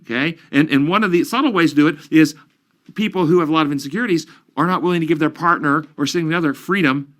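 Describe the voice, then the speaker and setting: A man's voice: fairly high pitch, fast talker, a bit bright. A man counseling and explaining ideas earnestly in an interview, using examples and questions. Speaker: counselor guest.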